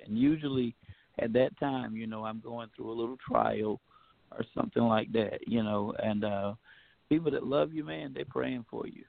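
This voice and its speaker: Male pastor, casual preachy talker, gravelly, heard over a dry phone line. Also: mid-range voice, fairly even intonation, moderate pace, no echo. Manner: preachy, repeats words, says "man" often. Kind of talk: casual chat.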